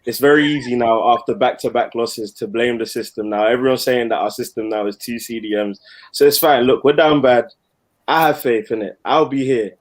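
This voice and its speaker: A man's voice: mid-range voice, fairly quick. A man on a fan show, defiantly defending his club. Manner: defiant, talks himself up. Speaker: co-host, Chelsea fan.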